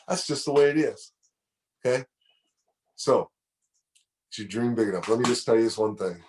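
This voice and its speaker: A man's voice: medium pitch, normal speed, darkish tone, a little hiss or hum. A middle-aged man giving a motivational speech, preaching and telling a story, repeating phrases for emphasis. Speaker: motivational speaker.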